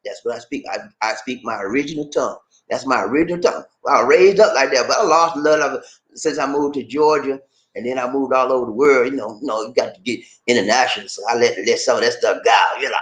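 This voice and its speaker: A man from Charleston, South Carolina, with a Gullah Geechee accent, chatting casually to camera in an animated, laughing way, full of slang like "man" and "baby". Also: on the high side, brisk. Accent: Gullah Geechee, South Carolina Lowcountry. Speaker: vlogger. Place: Philippines.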